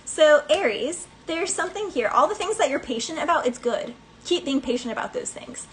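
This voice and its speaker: A woman's voice: high-pitched, lively intonation, normal speed, fairly bright tone, slight background noise, low-quality recording. A woman giving a casual tarot reading in a chatty, playful way, laughing between thoughts. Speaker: tarot reader.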